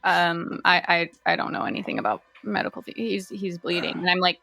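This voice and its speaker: A woman describes her character's actions at a tabletop game, halting with ums as she hunts for words. Her voice is low and gravelly, recorded dry with faint music behind. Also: flat delivery, sharp tone, dry recording. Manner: searching for words, trailing fillers. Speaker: player. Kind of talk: casual tabletop game chat.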